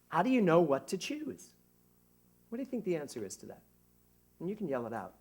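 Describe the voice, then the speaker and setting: A middle-aged man, a minister, giving a conversational sermon to a congregation, animated and joking at his own expense. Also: on the high side, slightly rough. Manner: animated, jokey, self-mocking. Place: church service before a congregation.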